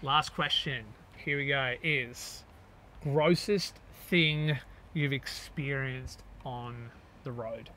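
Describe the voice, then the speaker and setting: An Australian man in his thirties chats casually with dry, deadpan jokes and a relaxed delivery. His voice sits in a middle pitch over faint background noise. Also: takes it slowly. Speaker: co-host, father. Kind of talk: casual chat.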